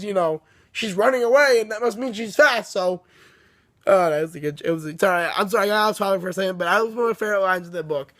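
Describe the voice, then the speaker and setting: A man's voice: high-pitched, fairly bright tone, no room sound. A young man casually recapping a book, rambling, swearing and apologizing as he laughs along. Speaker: book reviewer. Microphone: phone camera.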